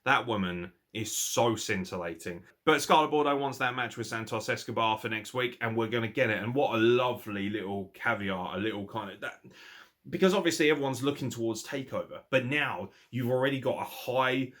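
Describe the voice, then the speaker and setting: An English man reviewing a wrestling show in casual talk, ranting and swearing freely, animated and quick to laugh. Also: medium pitch. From England.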